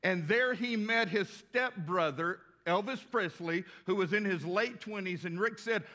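Bright-voiced pastor in his sixties. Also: high-pitched, unhurried. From West Texas. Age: 60s. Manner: folksy, animated, acts out voices in anecdotes. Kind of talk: storytelling sermon.

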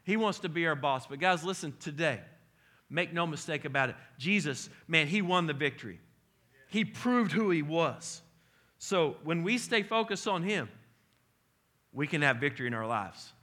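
A man, preaching a conversational, animated sermon as pastor. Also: on the high side, normal speed.

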